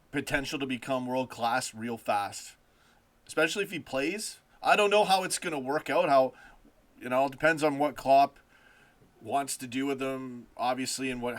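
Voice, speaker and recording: A man hosts a casual football live stream from home, excitable and swearing and laughing as he chats. His voice is medium-pitched.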